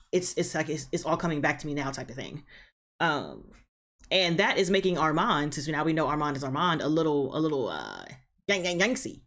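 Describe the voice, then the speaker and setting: A woman's voice: sits low, fairly bright tone. A woman hosting her reaction channel, chatting casually through an episode recap with lots of fillers and repeated phrases.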